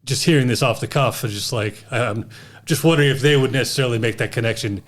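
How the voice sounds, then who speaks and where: A man's voice: mid-range voice, fast talker. A man hosting a casual Bible study podcast, musing aloud in a thoughtful, hesitant way.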